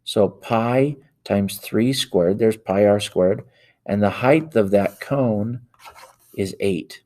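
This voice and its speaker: A man teaches math slowly, his voice fairly low with a darkish quality. He solves problems step by step out loud, typing into a calculator and correcting himself when needed.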